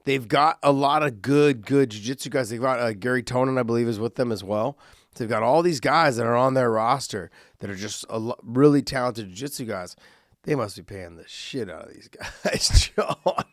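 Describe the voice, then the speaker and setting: A man's voice: mid-range voice, normal speed, no room sound, clean studio sound. A man co-hosting a podcast in casual chat, rambling and hesitant with many fillers. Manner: rambling, hesitant, lots of ums and likes. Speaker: podcast co-host.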